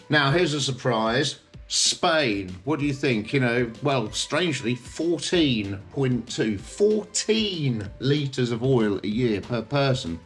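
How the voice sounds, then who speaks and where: A man with a British accent hosting a casual explainer, talking in a chatty way and often checking in with the listener. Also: mid-range voice. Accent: British English. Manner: chatty, checks in with tag questions like okay and yeah. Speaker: host.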